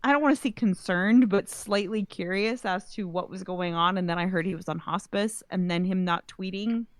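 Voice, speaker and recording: A woman's voice: medium pitch, normal speed, no room sound. A woman co-hosting a podcast, telling stories in casual, chatty talk and swearing freely. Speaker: podcast co-host. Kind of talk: casual chat.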